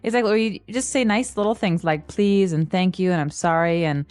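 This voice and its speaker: A woman co-hosting an English lesson podcast, explaining everyday phrases with examples and acting out sample lines with lively inflection. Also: fairly low pitch, brisk, no echo, soft background music. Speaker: co-host and English teacher.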